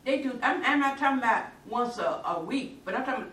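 A woman's voice: fairly high pitch, lively intonation, brisk, fairly bright tone. A woman talking earnestly and emphatically in a casual faith discussion. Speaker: church discussion participant. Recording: echoey room, mic far off, faint noise.

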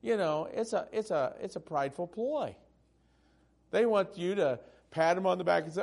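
A male pastor preaching a sermon, swinging from loud, emphatic peaks down to hushed, tender passages. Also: sits high, moderate pace, creaky.

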